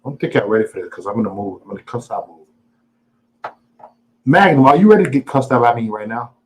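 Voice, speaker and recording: A man's voice: mid-range voice, expressive, fast, a little hiss or hum, rough recording. A man hosting a casual live stream, greeting viewers and ranting at them in a profane, taunting, boastful way. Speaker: livestream host.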